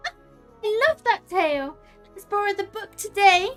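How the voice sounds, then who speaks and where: A woman voicing an eager, excited young child. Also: very high voice, moderate pace, soft background music, pitched above the performer's own voice. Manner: eager, earnest.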